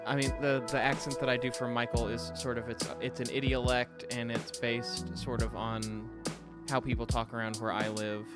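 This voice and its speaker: Streamer guy chatting with chat, bit halting, music blasting behind him. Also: mid-range voice, level tone. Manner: hesitant, restarts while explaining. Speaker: streamer and show creator. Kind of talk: casual live-stream chat, reading viewer comments.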